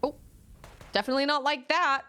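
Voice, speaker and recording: A woman's voice: high voice, steady tone, brisk, bright, forceful tone. A woman streaming a game from home, chatting casually and yelping in surprise at the game. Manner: chatty, with sudden yelps of surprise. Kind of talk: casual gaming chat.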